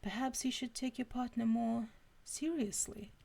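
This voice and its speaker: A grave, scholarly British school librarian who speaks in a low, breathy half-whisper, as a woman puts him on. He stays earnest and measured, like a teacher warning a student. The voice has a gravelly fry underneath. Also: darkish tone. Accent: British, put on.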